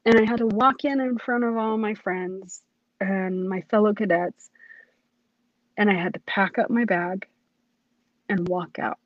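A woman's voice: medium pitch, steady tone, measured pace, pauses often, dry recording, lo-fi sound. A woman, a police academy cadet, tells her personal testimony in an earnest, emotional way, often restarting her sentences.

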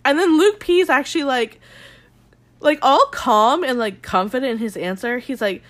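Young woman podcaster, gossipy recap, bit high voice, swears a lot and does the quotes all dramatic. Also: animated, moderate pace, a bit bright. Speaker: podcast host. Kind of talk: casual recap chat.

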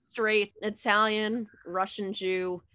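A woman's voice: medium pitch, flat delivery, slow pace, pushed and bright, clear, resonant tone, no room sound, muffled recording. A woman guest in casual podcast chat, joking bluntly and swearing freely.

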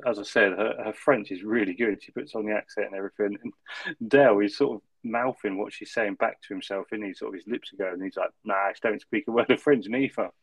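A man's voice: fairly low pitch, no echo. A man, co-hosting a casual podcast chat, chatty and swearing freely as he retells scenes. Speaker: podcast co-host.

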